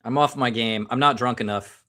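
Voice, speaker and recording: A man's voice: medium pitch, fairly quick, fairly bright tone. An American man rambles through a live stream, cracking jokes at his own expense. His talk is loose and casual, like someone having a drink on air. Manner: joking, rambling, self-mocking.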